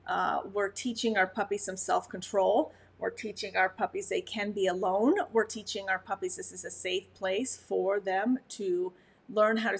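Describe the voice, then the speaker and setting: Chatty Montana woman with a higher voice. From Montana, USA. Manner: chatty, laughs often, talks to viewers' comments. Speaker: dog breeder. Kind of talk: casual livestream chat.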